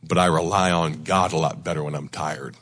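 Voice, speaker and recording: A man preaching a sermon to a congregation, his voice hoarse and close to giving out, with a deep voice and a folksy, conversational manner. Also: fairly even intonation, brisk, a bit bright, in a large hall. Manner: folksy, conversational, self-deprecating. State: hoarse, near losing his voice. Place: church sanctuary before a congregation.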